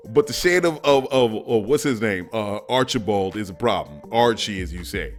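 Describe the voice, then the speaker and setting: A man's voice: fairly low pitch, lively intonation, moderate pace, soft background music. A man hosting his own podcast and riffing in loose, slangy, casual commentary. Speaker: podcast host.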